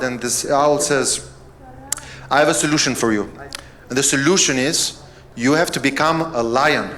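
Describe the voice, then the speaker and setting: A middle-aged man from Albania, a mayor giving a conference keynote, telling jokes and stories in a relaxed, self-deprecating way. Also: a little high. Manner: joking, storytelling, self-deprecating.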